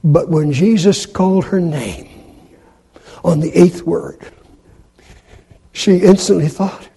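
A man preaching a sermon in a dramatic way, acting out quoted speech in loud, high bursts. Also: takes it slowly, gravelly, pauses often, breathy edge. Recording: long hall reverb.

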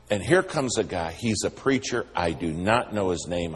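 Preacher guy, deep voice, real lively up and down, cracking jokes in his sermon. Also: moderate pace, few pauses, husky. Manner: animated, humorous storytelling.

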